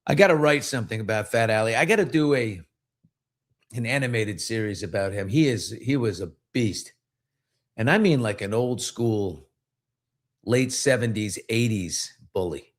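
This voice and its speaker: A middle-aged podcast host with a lowish voice tells a story at normal speed in casual chat. He's animated, acting out the voices of the people in it.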